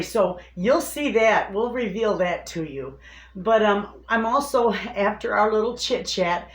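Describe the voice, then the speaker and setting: Chatty homestead vlogger woman, roomy sound. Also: mid-range voice. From Michigan, USA. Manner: chatty, addresses viewers as friends. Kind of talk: casual chat to camera. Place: room in her home.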